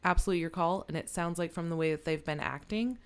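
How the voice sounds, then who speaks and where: A woman's voice: lowish voice, fast talker, clean tone. A woman who manages a restaurant, telling a story in a casual chat, swearing freely and laughing often.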